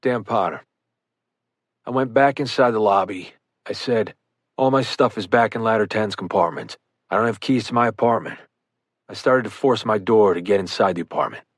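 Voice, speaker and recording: A man narrating a firefighter's first-person account for an audiobook, measured and earnest. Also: on the low side, no room sound, clean studio sound.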